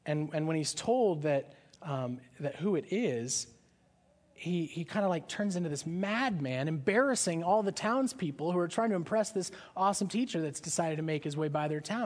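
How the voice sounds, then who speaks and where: A man's voice: a little high, expressive, normal speed. A man preaching a sermon in a conversational style, often asking his listeners questions. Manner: conversational, asks the audience questions. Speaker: pastor.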